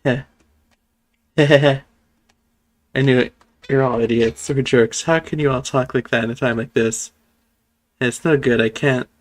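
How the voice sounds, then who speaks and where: A streamer chatting casually over a game and reading its cutscene lines aloud in quick voices. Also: mid-range voice, fairly even intonation. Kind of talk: casual let's-play chat with voiced readings.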